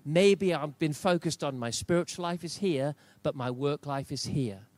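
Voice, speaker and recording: A man's voice: fairly high pitch, lively intonation, measured pace, hardly any pauses, dry recording. Older man preaching with emphatic repetition. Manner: emphatic, repeating phrases for stress. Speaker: pastor. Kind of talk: sermon. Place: church.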